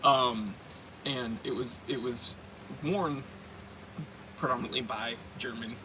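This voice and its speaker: A man's voice: medium pitch, fairly even intonation, takes it slowly, pushed and bright. A man hosting a casual chat, rambling with many fillers and joking around. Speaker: host. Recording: noisy background.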